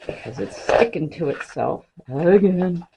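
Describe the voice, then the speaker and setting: A woman's voice: lowish voice, animated, measured pace, creaky, noisy background. A woman chatting casually through a crafting demonstration in her home craft room, now and then talking to her pets. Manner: chatty, talks to her pets mid-task. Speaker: crafting vlogger.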